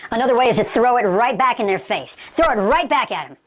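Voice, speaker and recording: Woman instructor, quick pace, higher voice, emphatic delivery. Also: expressive. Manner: emphatic, acts out sample dialogue. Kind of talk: instructional talk.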